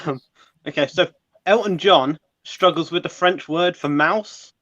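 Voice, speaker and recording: A man telling a pun joke in a relaxed, chuckling way. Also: fairly high pitch, measured pace, no room sound, muffled recording. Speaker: pun contestant.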